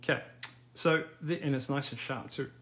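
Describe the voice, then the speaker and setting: A man's voice: mid-range voice, normal speed, fairly bright tone. A middle-aged man teaching a live online drawing class in a casual, encouraging, chatty way. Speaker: art teacher.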